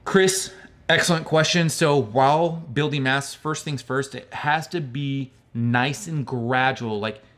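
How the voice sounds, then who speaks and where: A man from the United States chats casually on a livestream, reading viewer comments aloud and answering them. He rambles in a friendly, easygoing way, tosses in "bro" and "man," and has a voice of ordinary middle pitch. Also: takes it slowly, fairly bright tone. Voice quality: calls his own speech hick-like.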